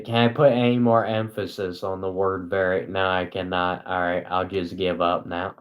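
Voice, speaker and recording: A young man hosting a casual live stream, talking to his chat in a flat, dry, self-mocking monotone. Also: lowish voice, normal speed, hardly any pauses.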